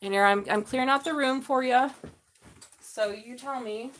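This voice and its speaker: A woman's voice: high-pitched, normal speed, a bit bright, slight background noise. A woman giving a live tarot reading, chatty and laughing often, swearing freely and calling viewers babe. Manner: talks straight to viewers, calls them babe. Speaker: tarot reader.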